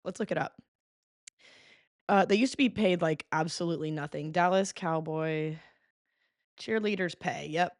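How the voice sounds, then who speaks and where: A woman's voice: lowish voice, dry recording. Chatty young woman podcaster, dry mic. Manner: playful, dramatic, hums and sings along to songs. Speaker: podcast host. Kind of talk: casual solo podcast chat.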